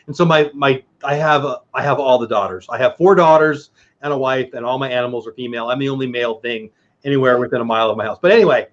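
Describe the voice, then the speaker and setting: A man with a fairly high voice hosting a casual livestream. He rambles and jokes at his own expense. His audio comes through muffled and lo-fi. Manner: rambling, self-deprecating, joking. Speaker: livestream host. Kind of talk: casual chat.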